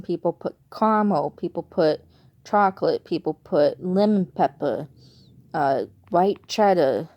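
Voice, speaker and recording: A woman's voice: lowish voice, dark tone, dry recording. A woman with a Chicago accent chatting casually to camera at home, rambling and correcting herself as she goes. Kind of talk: casual vlog chat.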